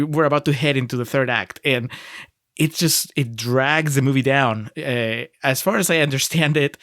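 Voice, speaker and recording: A man talks through a film on a casual podcast, mid-pitched and easygoing. He wanders through his points, laughing and restarting his sentences often. The sound is close and dry, with no room around it. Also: fairly bright tone, no room sound. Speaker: podcast co-host.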